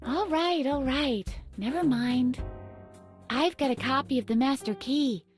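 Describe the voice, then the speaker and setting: A woman's voice: high-pitched, measured pace. A woman voicing a plucky young woman escaping an asylum in a video game, chirpy and offbeat. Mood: playful. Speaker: game protagonist. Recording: game audio with faint music.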